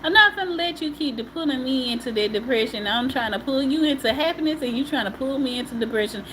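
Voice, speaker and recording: High, lively-voiced woman venting on a livestream. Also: fast, background noise. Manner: emphatic and repetitive, often laughing; casual colloquial speech. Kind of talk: emotional live-stream monologue.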